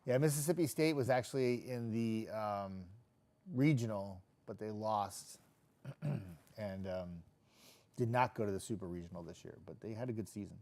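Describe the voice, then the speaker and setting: A man's voice: lowish voice, normal speed, darkish tone. A middle-aged man, a TV weatherman hosting a casual live stream, chatting loosely with viewers and reading out their comments. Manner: chatty, loose, jokey, with frequent restarts.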